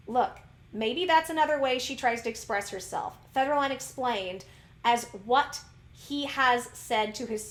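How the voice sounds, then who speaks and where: High bright-voiced woman ranting in echo. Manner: heated, ranty, asks the audience questions. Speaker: celebrity gossip vlogger. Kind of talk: news reading turning into a rant.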